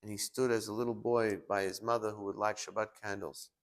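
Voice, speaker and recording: A man's voice: fairly low pitch, a little fast. Guy rabbi preaching, tells stories, voice jumps way up and down when he quotes people. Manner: animated storyteller, acting out quoted voices. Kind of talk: sermon with storytelling.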